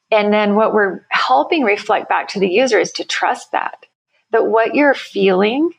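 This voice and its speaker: A woman who founded a company speaks as a guest on a podcast interview, her mid-range voice a bit creaky. She explains her work enthusiastically and conversationally, correcting herself as she goes.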